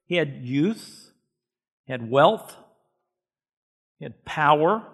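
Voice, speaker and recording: A man's voice: a little high, lively intonation, slow, creaky, fairly bright tone, husky. Emphatic male pastor preaching a sermon. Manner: emphatic, repeats key words. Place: church.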